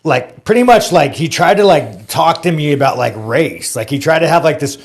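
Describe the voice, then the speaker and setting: A man spins a crude story in loose podcast chatter, swearing constantly and leaning on "like" as he rambles. His voice sits a bit higher than most men's. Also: expressive, normal speed. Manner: rambling, heavy use of "like" and swearing. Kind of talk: casual profane storytelling.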